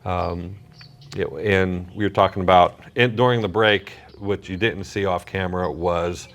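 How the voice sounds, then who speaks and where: Deep-voiced halting man hosting a podcast. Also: fairly even intonation, fairly bright tone. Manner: halting, repeats words, chatty. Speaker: podcast host. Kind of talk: casual interview. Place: animal shelter, indoors.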